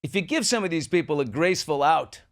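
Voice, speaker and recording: A man's voice: on the high side, animated, fast. A man hosting a commentary show, talking in a sardonic way and poking fun at others as he riffs. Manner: sardonic, mocking impressions of others. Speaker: podcast host.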